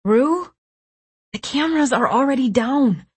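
A woman's voice: high voice, lively intonation, a little slow, darkish tone, slightly rough, voice pushed up, heavily acted. A woman voicing a frightened, pleading teenage boy in an audiobook, speaking raised and urgent. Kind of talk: audiobook character voice.

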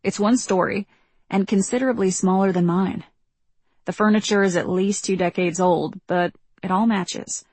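A woman narrating a first-person audiobook in a measured, reflective way, recorded close on a studio mic. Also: mid-range voice, steady tone, darkish tone, husky, no echo.

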